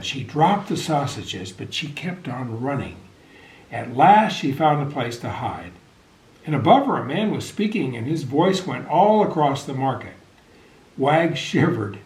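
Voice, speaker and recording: A man reading a picture book aloud to children with expressive, animated storytelling, over a video call. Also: a little high. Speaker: storybook reader. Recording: echoey room.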